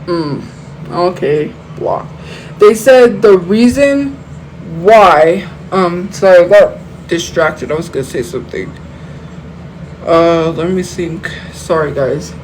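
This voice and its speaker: A woman's voice: fairly low pitch, lively intonation, slow pace, a little mellow, slight background noise, poor audio. A woman hosting a livestream, talking heatedly to viewers in a rambling, casual way, full of fillers and restarts, into a phone. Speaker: livestream host.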